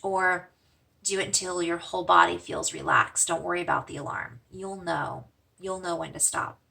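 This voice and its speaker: A woman gently teaching simple breathing exercises, slowing and softening her voice for the mantra lines. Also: fairly low pitch, gravelly, recorded from a distance. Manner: gentle, slows and softens for mantras, fades to whispers. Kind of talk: guided breathing lesson.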